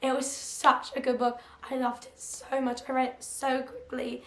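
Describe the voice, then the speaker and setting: A hoarse woman putting on a playful English accent and using mock-British slang while she chats about books. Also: high voice, completely flat delivery, normal speed. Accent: put-on English. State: hoarse, recovering voice. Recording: roomy echo.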